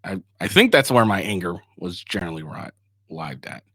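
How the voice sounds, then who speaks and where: Low-voiced man rambling casually. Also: lively intonation, normal speed, a bit bright, husky, no room sound, studio quality. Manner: rambling, swears freely, many fillers and restarts; mocking when paraphrasing others. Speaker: online commentator.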